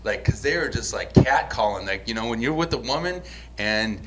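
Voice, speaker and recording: A man's voice: medium pitch, normal speed. A man from the United States, in his forties, tells a long story on a podcast. He swears freely, restarts his sentences and acts out the people he quotes. There is a faint hiss of room noise behind him. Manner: profane, animated storyteller with many restarts. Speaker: podcast host. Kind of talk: casual storytelling chat.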